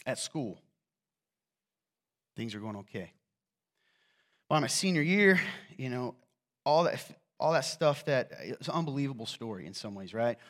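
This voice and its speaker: A man's voice: mid-range voice, lively intonation, a little slow, pauses often. A middle-aged man from Eastern Kentucky with a slight Southern Appalachian accent, preaching a sermon in a conversational storytelling way with self-deprecating humor. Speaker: pastor.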